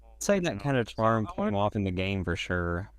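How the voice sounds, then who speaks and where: A man's voice: lowish voice, very animated, moderate pace, clean tone. A man hosting a podcast interview, giving brief reactions and questions in casual chat. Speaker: podcast host.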